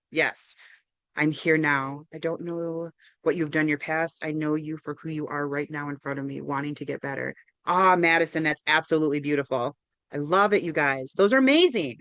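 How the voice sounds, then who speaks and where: Female counselor leading a video-call workshop; warm-hearted encouragement, lower register. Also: no room sound. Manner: upbeat, encouraging, often adds "right?". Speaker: counselor and presenter. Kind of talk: interactive online workshop presentation.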